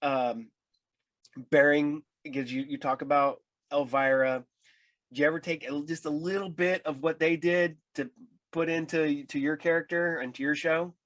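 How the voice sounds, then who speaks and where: Halting man podcast host, dry sound. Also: fairly high pitch, steady tone, a bit bright, no room sound. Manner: halting, many repeated starts and fillers. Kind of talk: casual interview. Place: at home with his dog.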